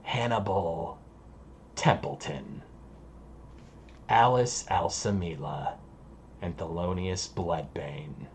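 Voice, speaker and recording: A man growling as a hushed ancient demon. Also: low voice, vocal fry, a little hiss or hum, voice pushed down, full character voice. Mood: ominous farewell. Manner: slow, hushed, ominous. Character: ancient male demon, sly, menacing. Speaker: game master voicing a character. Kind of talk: tabletop game role-play.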